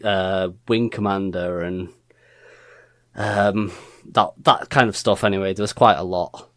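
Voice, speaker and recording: A man's voice: low voice, fairly even intonation, unhurried, fairly bright tone, no echo, clean studio sound. A man co-hosting a podcast in casual chat, rambling with lots of fillers and restarts. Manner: rambling, full of fillers and self-corrections. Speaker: podcast co-host.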